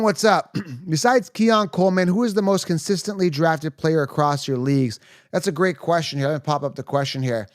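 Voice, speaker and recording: Tired guy doing a late night live q&a, kinda high voice, rambly, dry close sound. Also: no room sound. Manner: rambling, fast, answers viewer questions with restarts and repeated 'okay?'. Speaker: fantasy football livestream host. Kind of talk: casual livestream Q&A.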